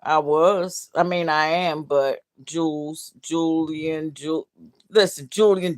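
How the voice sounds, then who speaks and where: A woman's voice: deep voice, slow. A middle-aged woman hosting a livestream, downcast and heartbroken, reading out comments bluntly with swearing and laughs. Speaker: livestream host.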